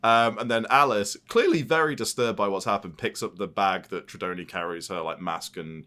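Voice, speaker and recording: A man with a fairly low voice co-hosts a film podcast. He recaps a plot in a loose, rambling way and swears freely in casual chat. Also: moderate pace, sharp tone. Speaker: podcast co-host.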